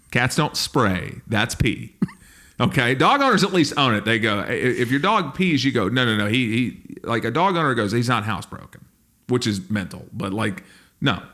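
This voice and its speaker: A man's voice: mid-range voice, sing-song, moderate pace, sharp tone. A man co-hosting a comedy podcast, telling stories in casual chat and acting out bits of dialogue. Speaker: podcast co-host.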